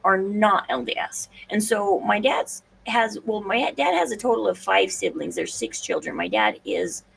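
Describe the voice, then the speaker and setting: Gravelly woman chatting from off-mic. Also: medium pitch, sing-song, normal speed, fairly bright tone. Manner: rambling, hesitant, restarts and fillers. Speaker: podcast host. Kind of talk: casual solo livestream talk. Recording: distant mic, faint room noise.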